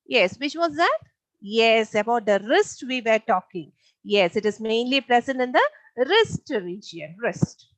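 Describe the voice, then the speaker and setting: A young woman teaches an online class, her fairly high voice recorded close and dry. She repeats each point and keeps asking her pupils questions. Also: very animated, a little slow, no room sound, low-quality recording.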